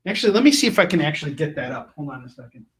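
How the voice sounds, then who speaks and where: Animated, jokey male comic-shop host. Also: fairly high pitch, racing, roomy sound, a little hiss or hum. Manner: animated and jokey, shouting silly sound effects. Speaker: host of a live comic shopping show. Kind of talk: live sales pitch, casual chat.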